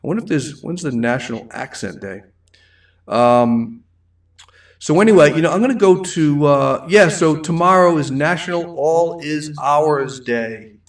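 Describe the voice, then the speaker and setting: A man's voice: on the high side, expressive, a little slow, distant mic. A middle-aged man with a thick Rhode Island accent, hosting a casual live wine show, rambling and reading viewer comments aloud. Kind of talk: casual live-stream chat.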